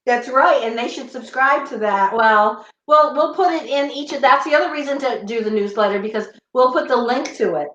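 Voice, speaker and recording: A woman co-hosting a chatty show from home, animated and easily sidetracked. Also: high-pitched, moderate pace, hardly any pauses, echoey room, highs cut off. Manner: animated, scattered, laughing. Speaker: podcast co-host. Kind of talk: casual chat. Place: home room.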